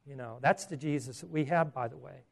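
A male pastor preaching a sermon in an animated, conversational way, with rhetorical questions. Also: mid-range voice, a little fast, creaky.

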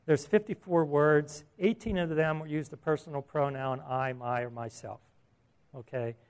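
A man with a fairly high voice delivers a sermon. His manner is casual and talkative. He often checks in with his listeners and laughs softly at his own remarks. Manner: conversational, asks the audience questions, chuckles at his own asides. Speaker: preacher.

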